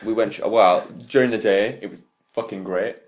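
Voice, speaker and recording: A man's voice: lowish voice, fairly even intonation, moderate pace, a little hiss or hum. A young man co-hosting a casual podcast, chatting loosely and swearing freely. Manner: swearing, laid-back banter. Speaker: podcast co-host. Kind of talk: casual chat. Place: attic room.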